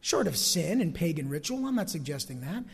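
A man's voice: fairly high pitch, sing-song, brisk, gravelly, breathy edge. A man preaching a sermon as pastor from the pulpit of a church sanctuary, emphatic, stretching key phrases and asking the congregation for amens. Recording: long hall reverb.

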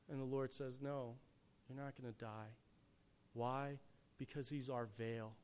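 A man preaching a sermon, swinging from hushed, quiet passages to loud, emphatic peaks. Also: mid-range voice, steady tone, unhurried, clean tone.

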